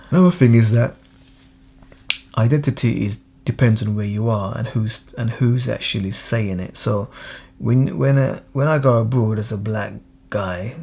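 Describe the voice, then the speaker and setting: Gravelly London man reflecting aloud. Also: lowish voice, darkish tone. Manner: conversational, with frequent restarts and quoted voices. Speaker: speaker on identity. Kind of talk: reflective casual monologue.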